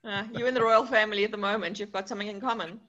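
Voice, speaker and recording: A woman's voice: medium pitch, racing. A woman hosting a casual interview, asking playful, joking questions. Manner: lively, playful, jokey questions. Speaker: podcast host. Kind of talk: casual chat. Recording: slightly dull lo-fi sound.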